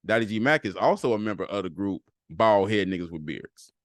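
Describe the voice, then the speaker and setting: A man, low in pitch, riffs casually on a podcast. He talks loosely and keeps repeating phrases for emphasis. The sound is dry and close to the mic. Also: animated, fairly quick, no echo. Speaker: podcast host. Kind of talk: casual solo podcast talk.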